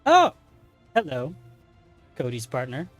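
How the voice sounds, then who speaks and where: Chatty game master, faint music behind. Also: male voice, medium pitch, wildly swooping pitch, slow. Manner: rambling, chatty, many fillers and self-corrections. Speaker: game master and stream host. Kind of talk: casual stream announcements.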